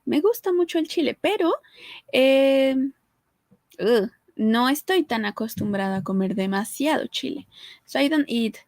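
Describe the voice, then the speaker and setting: A woman's voice: fairly high pitch, no echo, poor audio. Chatty Mexican woman teaching Spanish. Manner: switches between Spanish and English, chatty with light laughs. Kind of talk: casual language lesson.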